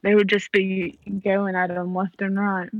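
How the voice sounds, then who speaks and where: Slow, giggly young woman. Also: mid-range voice, flat delivery, dry recording, highs cut off. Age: young adult. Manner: giggly, thoughtful, laughs often. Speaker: co-host. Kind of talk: casual podcast chat.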